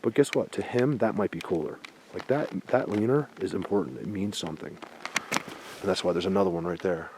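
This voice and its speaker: Male outdoor vlogger, low voice, grumpy and insistent, a little breathless, faint background noise. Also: a little fast. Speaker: Bigfoot researcher vlogger. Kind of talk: casual outdoor vlog talk. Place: snowy forest outdoors.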